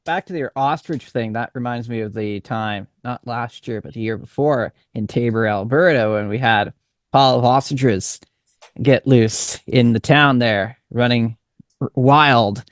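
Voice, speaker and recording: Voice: mid-range voice, unhurried, no room sound, clean studio sound. A co-host on a casual radio chat show, reading out odd word definitions with amusement. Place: radio studio.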